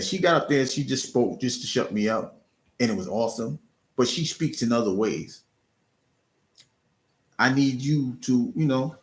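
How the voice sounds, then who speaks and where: A man streaming live, giving casual, earnest encouragement to his chat, often restarting and repeating words. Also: medium pitch. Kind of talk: casual motivational talk.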